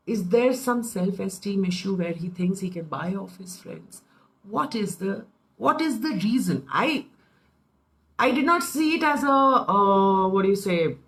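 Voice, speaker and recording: A woman in her thirties with an Indian English accent, giving an informal parenting talk full of personal anecdotes. She tells her stories in an animated way and acts out what family members said. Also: medium pitch, creaky, rough recording. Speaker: parenting speaker.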